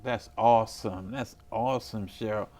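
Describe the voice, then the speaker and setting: A man's voice: lowish voice, steady tone, moderate pace, dark tone. A man hosting a local talk show, asking his guest questions in a friendly way. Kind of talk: casual interview.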